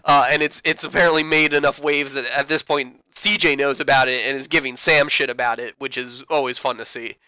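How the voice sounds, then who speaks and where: A man in his thirties chats through an episode recap, slipping into playful voices for the characters. His voice is bright and smooth. It sounds close and dry, with no room echo. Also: medium pitch, fairly quick, few pauses. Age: 30s. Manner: animated, acts out characters in quoted voices, swears. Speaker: podcast co-host. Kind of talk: casual recap chat.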